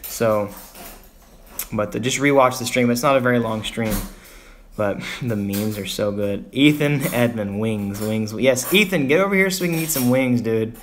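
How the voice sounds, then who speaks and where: A man's voice: mid-range voice, moderate pace, a little hiss or hum. Frustrated young man venting on a livestream. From Texas. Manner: frustrated, rambling, sighing. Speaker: vlogger on a livestream.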